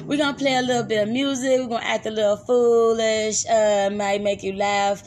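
A woman's voice: fairly high pitch, fairly even intonation, normal speed, darkish tone, slight background noise. A woman hosting a live music podcast in loose, chatty talk, laughing easily. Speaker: radio podcast host. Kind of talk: casual live show chat.

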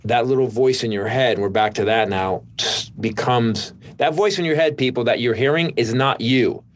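A man's voice: medium pitch, moderate pace, a little hiss or hum. A middle-aged male comedian telling stories in casual conversation, rambling with lots of restarts. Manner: rambling storytelling with many restarts. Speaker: comedian, guest.

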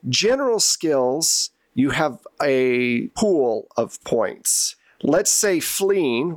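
A man's voice: mid-range voice, dry recording. Easygoing male game master, mid-range voice, dry close sound. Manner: relaxed, conversational, chuckling explanations. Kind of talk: explaining game rules to players.

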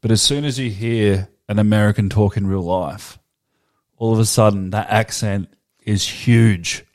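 A man's voice: on the low side, unhurried, darkish tone. An Australian man co-hosting a casual chat, rambling and thinking aloud with lots of filler words. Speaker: podcast co-host.

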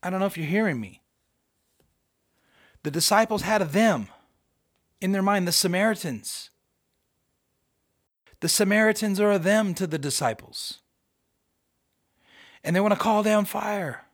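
A man hosting a podcast, giving a casual, animated Bible study with emphatic, self-deprecating asides. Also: high-pitched, measured pace, pauses often, no room sound, clean studio sound. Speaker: podcast host.

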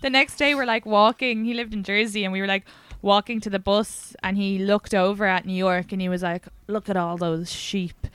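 A woman's voice: mid-range voice, steady tone, brisk, a bit bright, a little hiss or hum. A woman telling a story casually as a podcast guest, with lots of "like". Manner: chatty, lots of "like".

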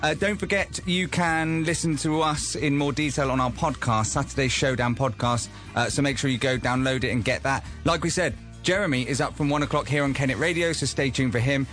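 A man's voice: medium pitch, a little fast, few pauses, fairly bright tone, soft background music. A man with a posh English accent presenting a local radio show and podcast in casual, jokey chat. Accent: posh southern English. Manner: chatty, jokey, plugs the show.

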